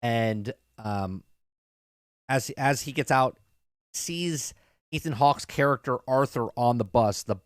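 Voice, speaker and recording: A man's voice: mid-range voice, takes it slowly, long pauses, no echo, studio quality. A man in his thirties casually retelling a TV episode, rambling with lots of fillers. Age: 30s. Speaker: show reviewer.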